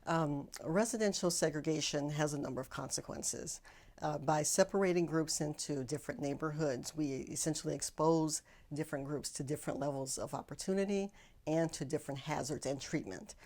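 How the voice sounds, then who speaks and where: A woman answering interview questions as an expert, speaking carefully and deliberately, pausing to rephrase. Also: low voice, a little mellow. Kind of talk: measured academic explanation.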